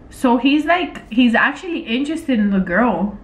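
A woman's voice: fairly high pitch, moderate pace, roomy sound. Exasperated chatty woman vlogger. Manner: expressive, exasperated, swears, many fillers. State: pregnant. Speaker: vlogger, prank channel co-host. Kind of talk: casual vlog chat while texting.

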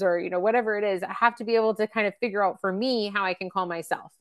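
A woman's voice: medium pitch, fairly even intonation, very fast, few pauses. Chatty woman teaching parents. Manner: chatty, with many fillers and acted-out example quotes. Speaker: parenting webcast presenter. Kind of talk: casual teaching talk.

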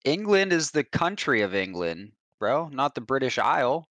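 A man's voice: medium pitch, big pitch swings, normal speed, fairly bright tone, no echo. A young man streaming a game, chatting casually, laughing often and swearing freely. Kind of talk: casual chat while gaming.

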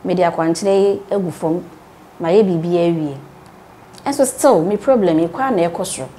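A woman's voice: on the low side, moderate pace, dark tone, slight background noise. A woman from Ghana, an interviewer asking long, searching questions about faith.

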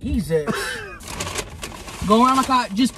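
A woman's voice: on the high side, lively intonation, a little slow, background noise. A woman playing a brash, foul-mouthed trailer-park lady, chatting crudely and teasing while eating in a parked car. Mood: blunt. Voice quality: crude and swearing, blunt and teasing. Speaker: guest. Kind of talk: casual chat in character.

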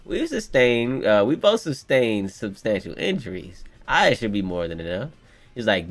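A man giving live, slang-heavy reaction commentary, reading character lines aloud in his own voice and shouting with laughter when he gets hyped. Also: fairly low pitch, very animated, moderate pace. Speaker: manga reaction streamer.

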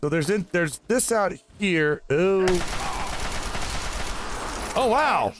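A man's voice: high-pitched, measured pace, noisy background. Rambling man narrating his gameplay. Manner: rambling, chats to enemies. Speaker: gaming host. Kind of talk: casual game commentary.

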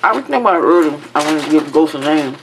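A woman's voice: sits low, expressive, very fast, noisy background. Woman chatting between bites. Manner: talks while chewing, lots of hums of enjoyment. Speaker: mukbang host. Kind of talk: casual eating chat.

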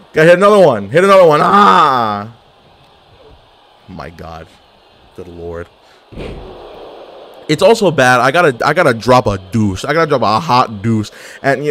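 A man at a mid pitch talks over his own online wrestling match, hyping himself up and trash-talking his opponent. He jokes and swears freely and throws in wrestling slang. A faint hum of noise sits behind his voice. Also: fairly bright tone. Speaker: gaming video creator.

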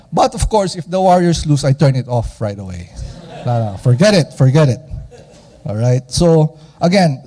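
Filipino guy preaching, chatty and lively, keeps asking the crowd stuff, slightly high voice. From Philippines. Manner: lively, conversational, asks the audience questions. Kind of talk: sermon.

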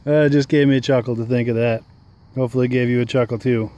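A man's voice: medium pitch, mellow. A man talking casually in a rambling, chuckling monologue while sitting outdoors on a park bench. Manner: rambling, chuckling, filler-laden. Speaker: vlogger.

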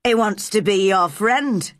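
A woman voicing a lonely, plain-spoken old Yorkshire gardener in a storybook reading, her voice pitched down for him. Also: measured pace, dry recording, studio quality, natural voice. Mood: blunt.

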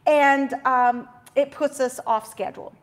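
Woman, forties, high voice, faith talk show host, chatty devotional storytelling, quick asides. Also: fairly even intonation.

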